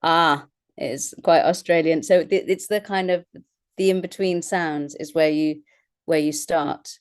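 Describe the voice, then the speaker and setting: A woman's voice: low voice, fairly even intonation, unhurried, a little mellow, smooth. A woman, an actress and voice artist chatting as an interview guest, self-deprecating and laughing often as she talks. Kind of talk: casual interview chat.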